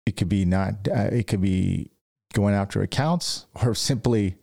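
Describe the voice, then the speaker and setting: Mellow low-voiced man giving casual advice. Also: unhurried, creaky. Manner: rambling, with restarts and acted-out stories. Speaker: podcast host, dent repair business owner.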